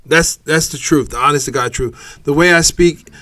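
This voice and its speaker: Guy with an erie accent goofing around on a podcast, kinda high voice, dry close mic. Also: moderate pace, no room sound. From Erie, Pennsylvania. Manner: joking, animated, says he mumbles. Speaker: podcast co-host. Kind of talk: casual chat.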